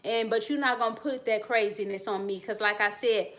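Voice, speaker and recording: A woman's voice: mid-range voice, steady tone, brisk, a bit bright. A woman hosting her channel, talking bluntly and animatedly to camera. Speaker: channel host. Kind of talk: casual talk to camera.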